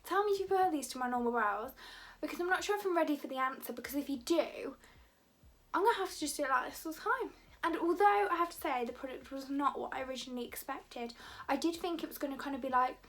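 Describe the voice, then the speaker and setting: A woman's voice: sits high, quick pace, a bit bright. A young woman vlogging in a rambling, chatty way, full of filler words. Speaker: beauty vlogger. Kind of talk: casual chat to camera.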